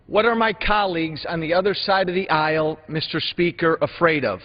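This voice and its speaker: A congressman in floor debate delivers a combative speech, firing off rhetorical questions in a slightly high, brisk voice with hardly any pauses. He's in a large legislative chamber, and the broadcast sound is dull with long hall reverb.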